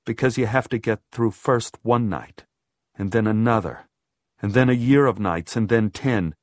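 Low-voiced guy reading a creepy audiobook, slow and measured, super dry close sound. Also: darkish tone, no echo. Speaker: audiobook narrator. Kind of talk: first-person horror audiobook narration.

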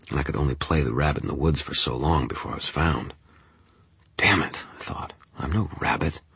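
A man narrating an audiobook in the first person, telling it in a tense, steady way on a close studio mic. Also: extremely low pitch, slightly rough, no echo.

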